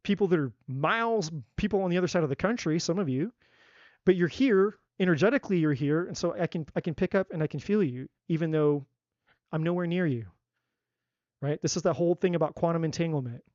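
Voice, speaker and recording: A man's voice: fairly high pitch, a little fast, darkish tone, dry recording, lo-fi sound. A man giving a live tarot reading, talking emphatically in a repetitive style and swearing casually. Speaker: tarot reader. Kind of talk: live-stream spiritual talk.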